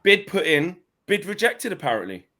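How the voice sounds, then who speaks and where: A man's voice: high voice, moderate pace. A man co-hosting a casual chat show, talking loosely and with energy. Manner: animated, chatty, loose phrasing. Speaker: co-host of fan channel.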